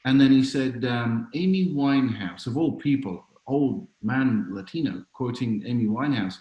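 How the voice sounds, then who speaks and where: A man's voice: mid-range voice, animated, normal speed, a little mellow. Reflective male chaplain telling a story, echoey room. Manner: reflective, speaks in anecdotes with frequent fillers. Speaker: chaplain and author, podcast guest. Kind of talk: conversational storytelling interview.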